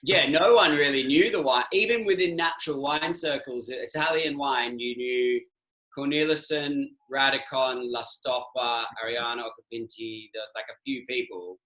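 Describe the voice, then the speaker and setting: A man hosting a relaxed chat on a video call, asking questions with easy enthusiasm. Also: mid-range voice, moderate pace, roomy sound, poor audio.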